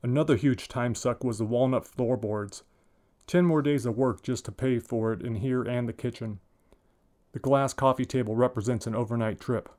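Author in his forties, reads his own story plainly, mid-pitched. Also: darkish tone. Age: 40s. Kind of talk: story reading.

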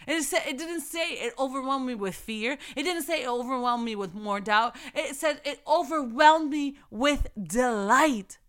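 A young woman gives a casual devotional talk with fervent, emphatic delivery. She circles back on key phrases and stresses them again and again. Her voice sits high, with a bright and smooth tone. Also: expressive, normal speed, hardly any pauses.

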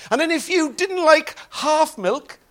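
A middle-aged man with a Welsh accent, a pastor preaching a sermon with humorous stories that swing from loud exclaiming to soft prayer. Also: very high-pitched, expressive, unhurried.

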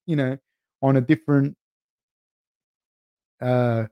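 A man's voice: medium pitch, fairly even intonation, takes it slowly, smooth, dry recording, muffled recording. Dry, chatty man telling stories. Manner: loose and chatty, full of "like" and "dude", swears. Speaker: podcast host and coach. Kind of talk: casual chat, rambling storytelling.

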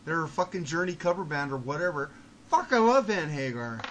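Guy running a podcast, swears nonstop, gets worked up and rants, kinda high voice, faint hiss behind. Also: a little fast. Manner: profane, ranting, excitable. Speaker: podcast host. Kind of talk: casual podcast chat.

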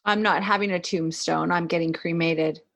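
Thoughtful woman with a low voice. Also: steady tone, normal speed, vocal fry, fairly bright tone. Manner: thoughtful, hesitant with fillers. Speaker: guest. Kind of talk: casual chat.

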